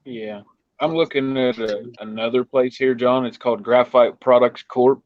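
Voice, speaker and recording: A man's voice: medium pitch, fairly even intonation, normal speed, no echo, dull audio. A man hosting a casual chat, easygoing and agreeable. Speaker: host.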